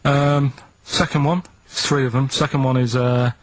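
A man's voice: medium pitch, steady tone, measured pace, dry recording, low-quality recording. A man on a radio show, plainly and stubbornly explaining quiz clues and checking in with "right?" as he goes. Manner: plodding, matter-of-fact explaining, keeps asking "right?". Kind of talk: casual radio banter. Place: radio studio. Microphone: studio microphone.

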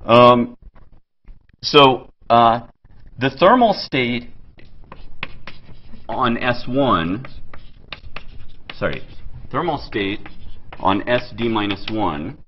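A man giving a physics lecture at a board, pausing often with fillers and restarting his sentences. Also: medium pitch, expressive, muffled recording, slight background noise. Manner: halting, many fillers and restarts. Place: lecture hall.

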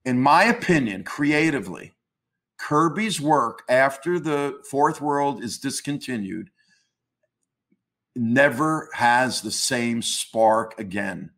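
A man's voice: mid-range voice, lively intonation, takes it slowly, fairly bright tone. A man, a comics historian interviewed as a guest, arguing his views emphatically in a ranting tone and swearing casually. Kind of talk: opinionated interview talk.

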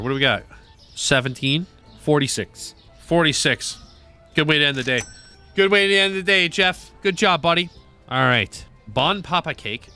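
A man giving casual, joking gameplay commentary, talking to the game's characters and swearing now and then. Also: mid-range voice. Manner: animated, joking, swears and talks to game characters. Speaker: gaming video creator.

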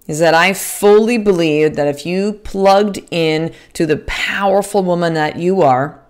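Woman podcast host, slightly low voice, candid and profane, talks straight to her listeners. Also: unhurried. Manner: candid, swears freely, restarts sentences; earnest and motivational, addresses listeners as sister. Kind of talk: casual podcast monologue.

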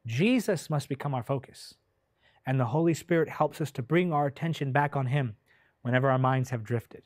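A man preaching a sermon with passion, speaking directly to his listeners, drawing out key words slowly, swelling loud and then dropping to a hush. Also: medium pitch, dry recording, studio quality. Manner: impassioned, swells loud then drops soft; slow, drawn-out delivery when stressing key words.

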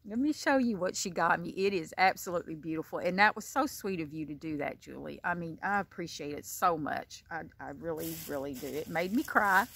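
A woman's voice: fairly low pitch, slight background noise. An older woman, chatting casually in a show-and-tell vlog and gushing over gifts she received. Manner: gushing, effusive, repeats "gorgeous" and "beautiful". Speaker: crochet vlogger.

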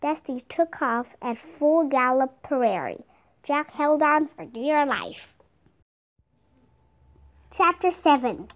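A woman reading a children's chapter book aloud as a steady, careful narrator. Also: high voice, takes it slowly, long pauses. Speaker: storybook reader. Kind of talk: scripted narration.

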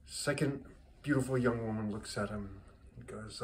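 A man's voice: on the low side, moderate pace, slight background noise. A man casually telling his weekly joke, rambling with many restarts and repeated words. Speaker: joke teller, host of a weekly joke.

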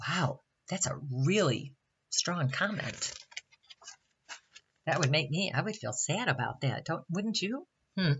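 A woman's voice: sits low, big pitch swings, slow, long pauses, a bit bright, dull audio, slight background noise. A woman reading a picture book aloud to children at a Bible camp, stopping often to ask the listener questions. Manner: chatty asides asking the listener questions.

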